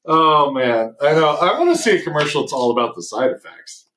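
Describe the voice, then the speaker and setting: A man's voice: fairly high pitch, very animated, brisk, fairly bright tone, a little hiss or hum. A man co-hosting a podcast in casual chat, laid-back and swearing freely. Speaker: podcast co-host. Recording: echoey room.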